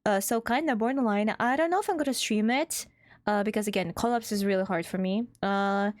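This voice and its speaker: A woman's voice: mid-range voice, a little fast, dry recording, studio quality. A young woman with a Russian accent, a VTuber chatting casually on a livestream, reading chat aloud and laughing often. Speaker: VTuber streamer.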